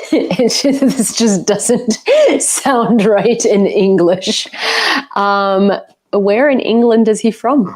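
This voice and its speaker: A woman from Ukraine, Ukrainian her first language, chats on a live stream from her home. She talks at an unhurried pace, teases her guest and laughs often. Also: mid-range voice, a little mellow. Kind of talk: casual live-stream chat. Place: home, on a couch.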